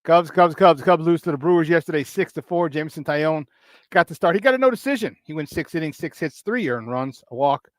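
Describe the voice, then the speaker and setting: Hosting a laid-back morning sports chat, this man talks fast and full of slang in a slightly high voice. The close-miked recording is dry without any echo, and he keeps things lively, calling out chatters by name and laughing readily.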